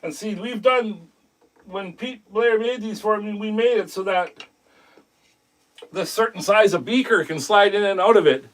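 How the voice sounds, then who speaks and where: A man's voice: sits high, unhurried. A man hosting a woodcarving live stream, chatting casually and rambling as he greets viewers by name and talks about his work. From Canada.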